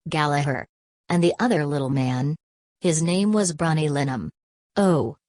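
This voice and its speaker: A woman reading a classic novel aloud as an audiobook narrator, in a measured, even delivery. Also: deep voice, no room sound. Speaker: audiobook reader. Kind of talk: scripted literary narration.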